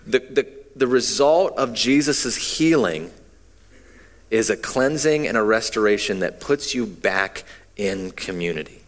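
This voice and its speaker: A man in his thirties preaching a relaxed, conversational sermon with stories and frequent fillers. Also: fairly low pitch, measured pace. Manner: casual, self-deprecating, frequent fillers. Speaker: pastor. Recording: long hall reverb.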